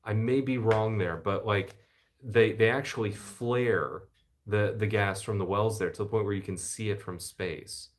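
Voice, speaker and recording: A middle-aged American man with a baritone voice, hosting a relaxed live chat from his living room and reading out viewer comments. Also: unhurried. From United States. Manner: relaxed, chatty, enthusiastic asides. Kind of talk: casual live-stream chat. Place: home living room by the fireside.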